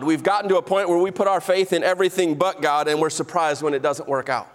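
A man preaching a sermon as pastor, emphatic, slowing down to stress key phrases and calling out to the congregation. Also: a little high, fairly even intonation. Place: church sanctuary.

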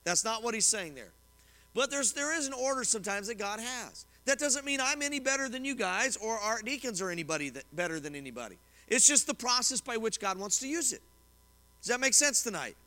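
A middle-aged man preaching in a church, his voice high and bright for a man. He talks fast and chatty, stopping to reassure his listeners, and a long reverb hangs on his words in the sanctuary. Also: animated. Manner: fast-talking, conversational, reassuring asides to the congregation. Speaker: pastor. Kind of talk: sermon teaching from scripture and commentary.

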